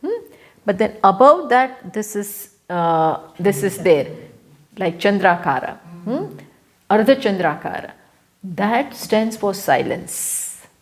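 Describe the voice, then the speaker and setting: A woman with an Indian English accent giving a live scripture lecture as a spiritual teacher, unhurried and repeating key phrases for emphasis. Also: medium pitch, lively intonation. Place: live talk venue.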